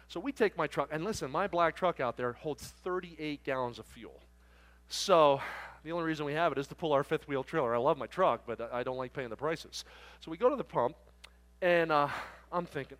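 A male preacher with a high voice tells an animated story from the pulpit, playing out the talk between the people in it. His voice carries a long reverb through a large church. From South Jersey, near Philadelphia. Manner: animated storyteller acting out dialogue. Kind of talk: storytelling sermon.

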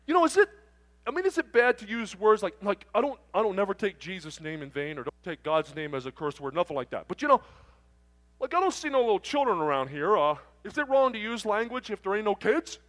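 A brash, excitable working-class truck driver bursts out in a high, loud, blunt voice, as a preacher acts him out. His ungrammatical talk rings with long reverb through a large hall. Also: fairly quick. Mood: apologetic.

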